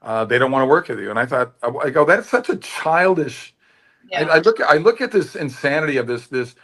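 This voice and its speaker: A man's voice: mid-range voice, fast. Storytelling man in an interview. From United States. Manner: animated storytelling, often acting out quoted dialogue. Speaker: actor and producer, interview guest. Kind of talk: candid interview talk.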